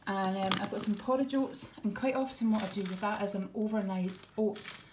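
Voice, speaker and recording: In an echoey room with faint noise, a middle-aged woman vlogger chats about her grocery haul. Her pitch is medium and her pace a little quick, and she sounds homely, a bit breathless, and prone to ums.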